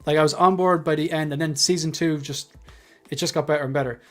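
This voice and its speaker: A man hosting a casual panel livestream, joking and tossing quick asides to the chat. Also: fairly high pitch, fairly even intonation, a bit bright. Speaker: livestream host.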